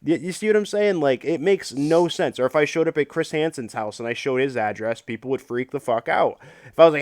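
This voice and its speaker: A man's voice: fairly high pitch, expressive, a little mellow, dry recording, studio quality. A man hosting a livestream, ranting in casual, profane chat full of fillers. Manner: profane, rambling, fast-talking rant. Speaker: livestream host.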